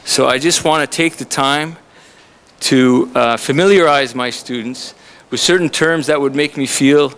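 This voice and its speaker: A man's voice: mid-range voice, measured pace, a bit bright, clear, resonant tone. A man, a college instructor, introducing a visiting author to an audience in a chatty, joking way. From Canada. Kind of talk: humorous introduction speech to an audience. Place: college lecture room.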